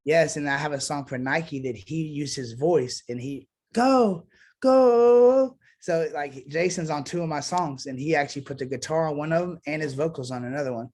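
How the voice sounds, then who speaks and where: A man's voice: fairly high pitch, steady tone, a little fast, hardly any pauses. A man, a musician guest talking casually and bluntly in an interview, swearing now and then. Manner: blunt, swearing, self-assured.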